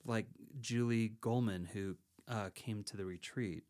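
A man's voice: on the low side, a little slow, a little mellow. A man co-hosting a podcast and teaching meditation in casual chat, rambling and self-correcting, laughing easily.

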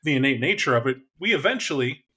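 A man in casual conversation about tabletop games, animated and quick to act out voices. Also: mid-range voice, slightly rough. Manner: animated, acts out voices and shouts in bursts.

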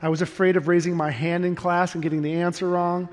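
Middle-aged guy giving a sermon, fairly high voice, honest and self-deprecating, big hall echo. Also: level tone, fast. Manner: candid personal storytelling, earnest and self-deprecating. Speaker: pastor. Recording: long reverb of a large hall.

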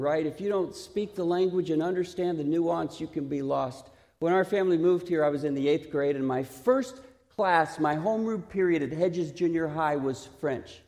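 A man preaching a sermon, originally from Texas, asking the listeners questions and slowing down to stress his points. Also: fairly high pitch, darkish tone. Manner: questioning, emphatic, slows for stress. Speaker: pastor. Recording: reverberant hall.

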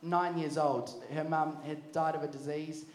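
A young man preaching to a youth camp, energetic and jokey. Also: on the high side, measured pace. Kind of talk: sermon. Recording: echoey hall.

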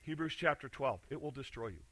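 Pastor guy preaching, really bright edgy voice, gets loud then drops low and intense. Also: brisk. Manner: animated preaching, swings between loud emphasis and quiet intensity, many restarts. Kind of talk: sermon.

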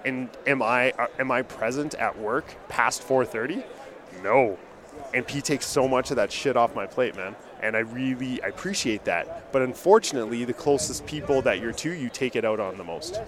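A man's voice: medium pitch, normal speed. A male dentist hosting a podcast, talking earnestly and emotionally, often repeating words as he speaks. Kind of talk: emotional casual conversation. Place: conference booth. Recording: busy conference hall crowd. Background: crowd chatter.

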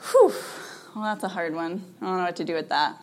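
Animated woman counselor talking to parents. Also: on the low side, brisk, slight background noise. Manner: animated, acts out quoted parent and child lines; chatty with frequent ums and laughs. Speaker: parenting counselor giving a workshop. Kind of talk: informal talk to parents.

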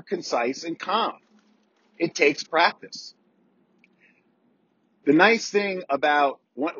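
A man's voice: medium pitch, breathy edge, no room sound, muffled recording. A man, a volunteer fire chief hosting a podcast, giving casual instructional talk in a plainspoken way, repeating key points and asking rhetorical questions.

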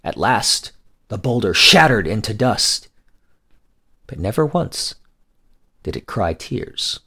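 A man narrating a scripted folk tale in a measured storytelling manner. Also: lowish voice, very animated, bright, forceful tone, slightly rough.

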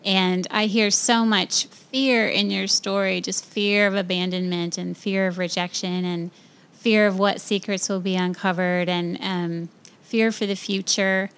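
A woman hosting a faith podcast, speaking gently and reflectively and quoting scripture. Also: medium pitch, fairly even intonation, unhurried, clean tone. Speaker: podcast host.

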